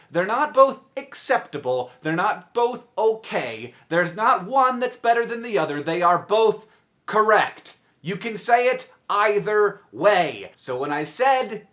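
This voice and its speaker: A young man who has just woken up, giving a rambling, animated explanation to camera with self-interrupting asides. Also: high voice, unhurried. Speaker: vlogger. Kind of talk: casual explainer talking to camera.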